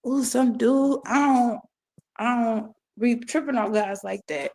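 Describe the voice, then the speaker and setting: High-pitched woman with a gravelly edge, giggling thru a long story. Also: unhurried, a crowd in the background. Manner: giggly, rambling, animated. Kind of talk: casual storytelling.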